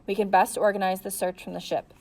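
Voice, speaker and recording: A woman reading aloud and voicing a commanding male Marine officer who barks orders loudly. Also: medium pitch, level tone, quick pace, close to an everyday voice. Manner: barking orders.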